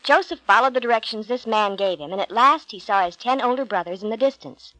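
A woman with a fairly high voice reads a Bible storybook aloud in a gentle, clear way. The recording is dry and close, with no room sound. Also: a little fast, no room sound, poor audio. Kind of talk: storybook narration.

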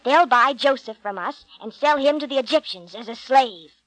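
A scheming young man laying out a plan in a plain, matter-of-fact storybook voice, read by a woman. The sound is dry and close, with a fairly high pitch. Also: normal speed, a bit bright, no echo, low-quality recording. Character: Judah, a scheming older brother.

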